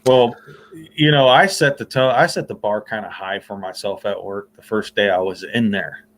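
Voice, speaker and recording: A man's voice: fairly low pitch, fairly bright tone. A man co-hosting a casual podcast, throwing out teasing, crude remarks. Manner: teasing, quick crude jabs. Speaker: podcast co-host.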